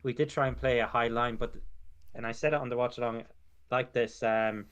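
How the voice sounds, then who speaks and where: Man, opinionated football talk, smooth resonant voice. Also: mid-range voice, steady tone, a little fast, fairly bright tone, dull audio. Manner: opinionated, tag endings like "it was". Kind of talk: casual football review chat.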